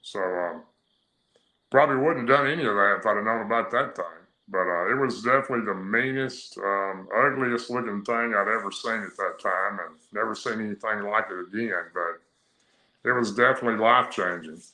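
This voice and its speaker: A man's voice: on the low side, moderate pace, sharp tone. Man telling a long story, echoey. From Tennessee. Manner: rambling, plain-spoken storytelling with many fillers. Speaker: guest. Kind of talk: telling a personal story on a radio interview. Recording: echoey, roomy sound.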